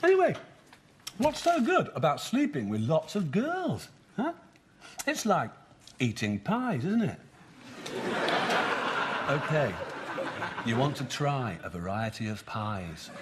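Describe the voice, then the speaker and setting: A man's voice: a little high, wildly swooping pitch, slow, long pauses, heavy background noise, heavily acted. An actor playing a goofy best man, rambling from one silly joke to the next in a sitcom. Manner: jokey, rambling, goofy asides. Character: clownish, rambling male best man, young adult. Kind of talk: sitcom acting. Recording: TV sitcom recording with loud audience laughter.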